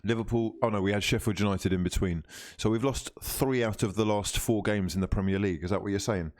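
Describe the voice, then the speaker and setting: A man's voice: on the low side, fairly quick, darkish tone. A young man hosting a live football watchalong, commenting on the game as he reacts to it, pleading with the players, scolding them and swearing often.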